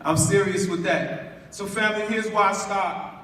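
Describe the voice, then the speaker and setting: A man in his late forties from Chicago's West Side, giving a preacherly spoken-word speech to a school audience, calling for responses and building to loud emphatic lines. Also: sits high, normal speed, slight background noise. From West Side of Chicago, USA. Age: 40s. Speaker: spoken word poet and speaker. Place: large school hall. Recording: echoey hall from far off.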